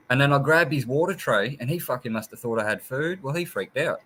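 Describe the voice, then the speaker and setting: A man's voice: mid-range voice, animated, moderate pace, pushed and bright, breathy edge. A man chatting casually on a livestream, rambling through anecdotes and swearing freely. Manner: rambling storyteller, swears casually, mimics his pet. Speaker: livestream guest.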